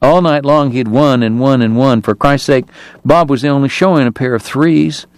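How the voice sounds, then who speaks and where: A man's voice: medium pitch, moderate pace, no room sound. Dry, close male audiobook narrator. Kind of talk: scripted narration.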